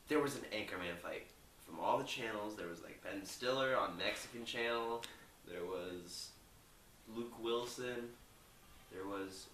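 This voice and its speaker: A man's voice: medium pitch, fairly bright tone, roomy sound, recorded from a distance, slight background noise, rough recording. A young man loosely retelling a movie plot, rambling with lots of filler words. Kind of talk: rambling casual movie recap.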